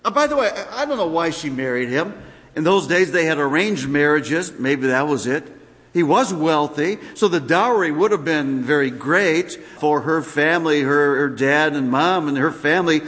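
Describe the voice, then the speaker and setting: A man preaching a sermon as pastor, animated, with sudden drops into quiet, personal asides. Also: fairly high pitch, moderate pace. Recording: long hall reverb.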